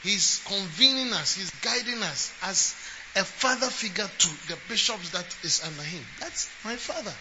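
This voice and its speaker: A man with a high voice, a bishop and preacher, delivers a sermon at a moderate pace, preaching emphatically, rising to shouts and acting out quotes. The recording is lo-fi with steady noise underneath.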